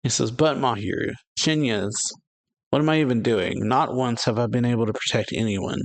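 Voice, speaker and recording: A man's voice: medium pitch, moderate pace. A man reads manga dialogue aloud for his reaction channel, and his voice sits in the middle range. He jumps up a little for the characters' lines and laughs between them, in a loose, casual way.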